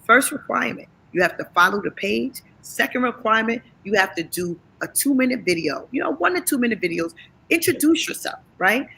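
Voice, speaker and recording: A woman guest giving an upbeat, encouraging pitch in a gravelly voice. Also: animated, fairly quick, bright, forceful tone, a little hiss or hum, poor audio. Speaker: guest co-presenter. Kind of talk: enthusiastic promotional talk.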